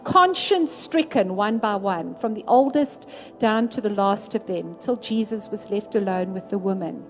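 A woman preaching a sermon in an earnest way, slowing down to stress key words. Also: on the high side, a little mellow. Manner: earnest, slows down for emphasis.

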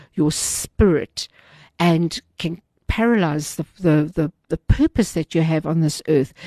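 A woman's voice: on the low side, dark tone, no room sound, studio quality. A woman hosting a Christian program, sharing an earnest, devout testimony and reading scripture, often restarting her sentences.

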